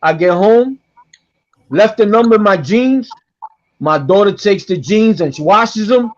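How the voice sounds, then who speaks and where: A middle-aged man telling a story on a podcast in a casual, animated way, acting out the voices of the people in it and repeating lines for emphasis. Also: high voice, a little slow. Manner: animated, acts out quoted voices, repeats himself. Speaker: guest storyteller. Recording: dull lo-fi podcast audio.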